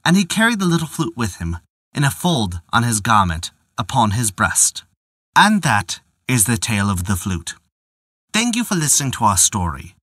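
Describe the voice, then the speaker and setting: A man narrating a folk tale in a measured, old-fashioned storytelling manner. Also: mid-range voice, very animated, a bit bright, slightly rough, no echo, clean studio sound.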